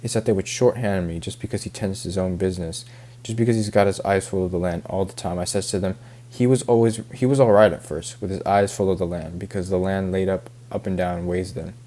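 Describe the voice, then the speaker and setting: A man reading aloud as a self-pitying older backwoods farmer, halting over the rural dialect. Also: sits low, fairly even intonation, mellow, lightly acted.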